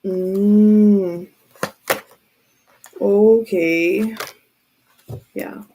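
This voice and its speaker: Slow-talking giggly woman tarot reader. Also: medium pitch, steady tone, mellow, a little hiss or hum. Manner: giggly, often breaks into laughter. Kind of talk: casual live tarot reading.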